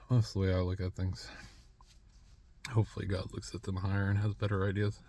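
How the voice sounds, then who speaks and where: A man's voice: low voice, little pitch movement, a little fast, pauses often, a bit bright, breathy edge. A man in his thirties talking in a rambling monologue, restarting his sentences and coughing between phrases. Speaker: vlogger.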